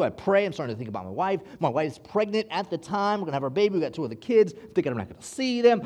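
A male pastor preaching a sermon, telling a personal story with animated, rising delivery at the dramatic moments. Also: a little high, a little fast.

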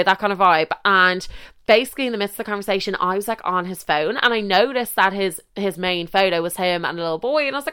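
Young Dublin Irish woman, gossipy comic storyteller, bright and clear. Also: mid-range voice, brisk. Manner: animated, sweary, gossipy.

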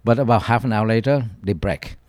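A man, a guest chef whose first language is not English, talking in a casual podcast chat, blunt and profane, telling stories with lively broken English. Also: lowish voice, fairly quick, dry recording. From Canada-based chef.

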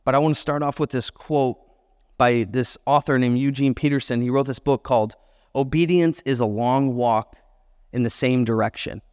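Animated pastor, reverb-washed hall. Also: male voice, medium pitch, normal speed, clean tone. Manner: animated storyteller, self-deprecating, chatty asides. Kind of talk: sermon with personal story.

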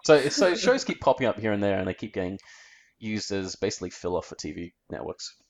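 A man's voice: on the low side, sing-song, fairly quick. An Australian man chatting casually as a podcast co-host, rambling easily and searching for his words. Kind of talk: casual chat.

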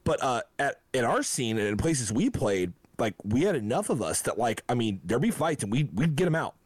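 A man chatting casually on a podcast, telling stories in a relaxed, rambling way with lots of "like" and "I mean." His voice is at an average pitch for a man and sounds dry and close, with no room echo. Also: a little fast, slightly rough. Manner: laid-back storyteller, filler-heavy. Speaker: former touring band member.

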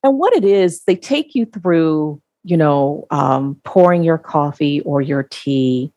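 A woman speaking as an interview guest, slow and earnest, halting and restarting as she reflects. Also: low-pitched, animated, warm tone, no room sound.

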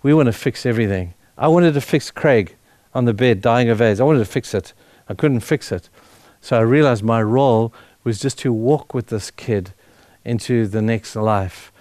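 A man's voice: mid-range voice, a little mellow, no room sound. A middle-aged man preaching to a church, talking conversationally and building to fervent emphasis. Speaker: guest speaker at a church. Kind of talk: sermon.

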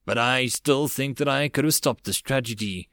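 A weary starship captain talks in a tired, low-key way, his voice mid-pitched and plain, as a male narrator reads him. The sound is dry with no room echo. He carries the weight of his losses. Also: moderate pace, fairly bright tone, lightly acted.

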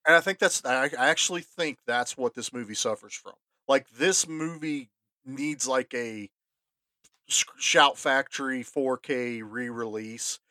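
A man's voice: mid-range voice, measured pace, bright, forceful tone, no echo. Enthusiastic podcast co-host man. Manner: enthusiastic, restarts often. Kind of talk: casual movie review chat.

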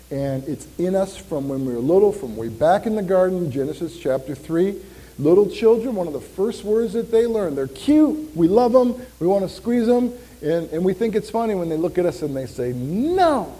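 A male pastor preaching in a lively, swooping voice, forever firing questions and jokes at his listeners. His tone is mellow and a touch higher than most men's, and a long reverb trails each phrase through the church hall. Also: moderate pace. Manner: animated, jokey, quizzing the congregation. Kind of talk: sermon.

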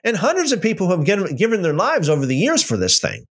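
A man's voice: high-pitched, fast, husky. A man teaching a casual Bible study, talking off the cuff with many restarts and repeated words, and acting out mocking back-and-forth dialogue. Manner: animated, repeats words and restarts sentences, mocks claims with imitated dialogue. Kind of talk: casual unscripted lecture.

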